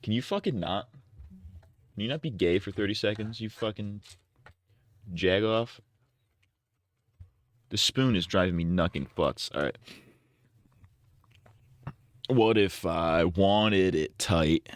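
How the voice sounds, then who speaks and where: A man's voice: on the low side, animated, measured pace, pauses often. A young man on a live stream, casually drafting crude parody lyrics, muttering to himself and half-singing lines.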